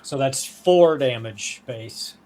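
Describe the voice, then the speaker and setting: A man playing a tabletop horror game, describing his character's actions and pausing to think. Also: medium pitch, darkish tone. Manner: hesitant, thinking aloud. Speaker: player. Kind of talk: casual tabletop game play.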